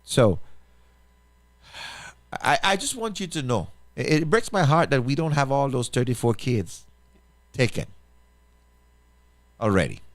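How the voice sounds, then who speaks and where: Animated man pleading earnestly. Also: medium pitch, measured pace, long pauses, no room sound. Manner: emphatic, repetitive, rhetorical questions, restarts. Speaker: pastor and radio show host. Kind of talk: impassioned appeal on a talk show.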